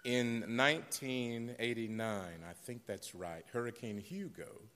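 A man from South Carolina, preaching a sermon as pastor, telling stories and building to loud, emphatic refrains. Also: medium pitch, a little slow, long reverb tail. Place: church sanctuary.

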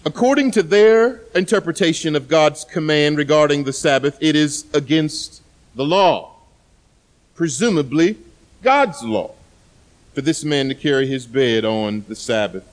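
A male pastor delivers a sermon in a loud, forceful voice pitched a little high. He leans on repeated words and slow, deliberate pauses to press his points home. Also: lively intonation.

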